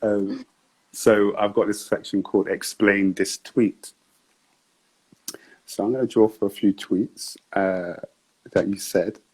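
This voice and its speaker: A man hosting a casual interview, easygoing, often answering with quiet "mm" sounds and chuckles. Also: on the low side, fairly even intonation, slow, pauses often, breathy edge, rough recording. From United Kingdom. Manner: easygoing, frequent "mm" affirmations, chuckles. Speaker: podcast host.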